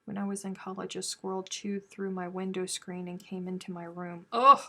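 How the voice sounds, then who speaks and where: A woman from the South with a light Southern accent, chatting with viewers on a live stream. She tells stories in a chatty, animated way, and her voice sits in a middle pitch. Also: normal speed. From American South. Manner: chatty storytelling, animated when telling stories. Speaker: crochet live stream host. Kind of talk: casual live chat with viewers.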